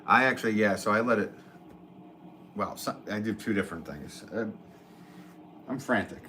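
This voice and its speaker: Low-voiced man chatting while throwing pots. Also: expressive, moderate pace, sharp tone, slight background noise. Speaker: potter streaming live. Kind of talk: casual live-stream chat while working. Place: pottery studio.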